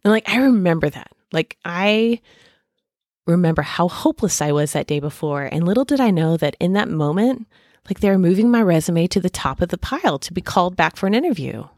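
A woman's voice: fairly low pitch, expressive, brisk, darkish tone, no echo, clean studio sound. A woman in her thirties talking casually and at length about hope and faith, rambling with many fillers and restarts. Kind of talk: casual reflective monologue.

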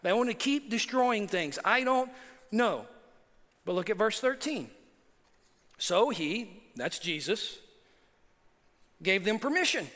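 High, bright-voiced preacher in a hall. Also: male voice, sing-song, slow pace, pauses often. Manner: emphatic, rhetorical questions and asides to the congregation. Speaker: pastor. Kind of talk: sermon. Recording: long hall reverb.

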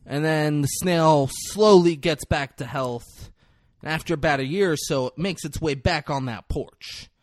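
A young man who grew up locally chats casually, retelling a movie with plenty of swearing and acting out the characters' lines in an animated way. His voice is on the high side and a little slow, recorded studio-quality with no echo.

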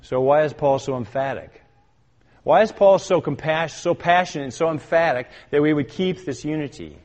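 An older man preaching a sermon as a pastor. He speaks with emphasis, asks his listeners questions and builds to loud, urgent commands. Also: on the high side, moderate pace. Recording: long hall reverb.

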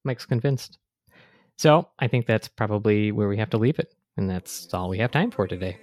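A man's voice: lowish voice, expressive, normal speed, darkish tone. A man hosting a podcast, chatting casually and explaining medical matters in a thoughtful way. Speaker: podcast host. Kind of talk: casual chat.

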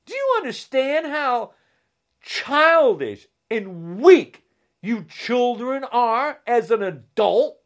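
A man delivering a heated, insulting rant straight to camera, swinging between shouting and a low, menacing growl. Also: big pitch swings, slow. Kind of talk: angry political rant to camera.

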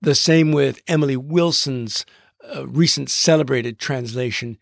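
Man with a gravelly, dry close voice. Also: mid-range voice, dry recording. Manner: reflective and literary, reads verse aloud slowly. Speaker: podcast host. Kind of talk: scripted podcast narration.

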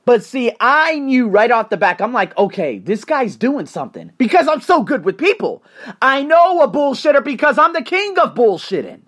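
A man hosting a solo podcast, talking bluntly with swearing and animated storytelling. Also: very high-pitched, normal speed. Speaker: podcast host.

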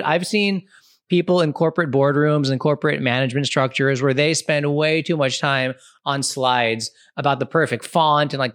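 A man in his thirties talks through a casual advice monologue in a loose, chatty way, tagging his points with "right?" and "you know". His voice sits at an ordinary middle pitch. The recording is dry and close, with no room sound. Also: a bit bright, dry recording. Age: 30s. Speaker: comedian and podcast host.

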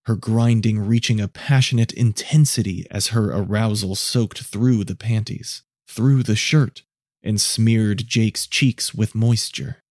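A man narrating and producing an audio story in a measured, low-key, hushed reading. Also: steady tone, no echo, clean studio sound.

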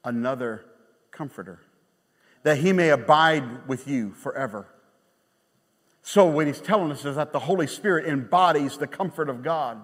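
A man pastor preaching a sermon, emphatic and animated, with sudden quiet drops. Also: on the high side, moderate pace, pauses often. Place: church sanctuary. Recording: long church reverb.

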